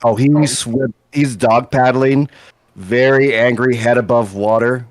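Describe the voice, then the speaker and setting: A man's voice: mid-range voice, steady tone, a little slow, dry recording. A man narrating a tabletop game as game master, rambling with many fillers. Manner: rambling, filler-heavy, laughs often.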